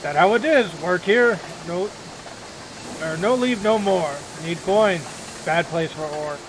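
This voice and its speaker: A gruff male orc factory laborer, worn down and blunt, speaks in loud, broken snippets of speech, as a man puts him on while playing a computer role-playing game. The voice sits fairly high and is pushed louder than ordinary talk. A noisy hiss runs behind it. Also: slow pace. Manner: broken clipped grammar, blunt short phrases.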